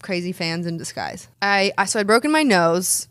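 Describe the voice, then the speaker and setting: A woman's voice: on the low side, expressive, moderate pace, a bit bright, clean tone, no room sound, clean studio sound. A woman in her thirties telling stories in a casual interview, chatty, often restarting and repeating words. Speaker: interview guest, pro wrestler and dentist.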